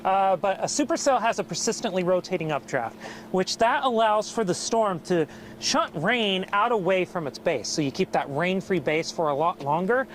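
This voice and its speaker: Breathless storm chaser explaining supercells. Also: male voice, high-pitched, normal speed, slight background noise. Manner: excited, rambling explanations with laughs. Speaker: storm chaser streaming live. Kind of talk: live-stream explaining weather. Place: in and around a car outdoors during a storm.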